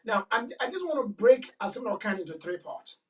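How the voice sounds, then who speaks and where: A woman's voice: on the high side, sing-song, a little fast, darkish tone. Emphatic Ghanaian woman host, distant mic. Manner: emphatic, repetitive, switches into Twi. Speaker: show host. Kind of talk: talk show commentary.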